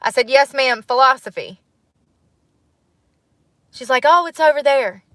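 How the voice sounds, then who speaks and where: A woman's voice: sits high, a little fast, dry recording. Chatty woman in her thirties musing aloud. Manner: musing, animated, laughs often. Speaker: vlogger. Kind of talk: casual reflective monologue.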